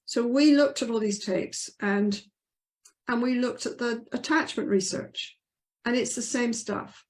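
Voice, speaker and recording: A woman's voice: on the high side, unhurried. An older woman, a couples therapist, answering interview questions in an earnest, emphatic way and acting out the voices she quotes.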